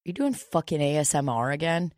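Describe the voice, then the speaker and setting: A woman's voice: low voice, animated, a little fast, a little mellow, no room sound, clean studio sound. A woman hosting a podcast in casual chat, crude, profane and teasing. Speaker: podcast host.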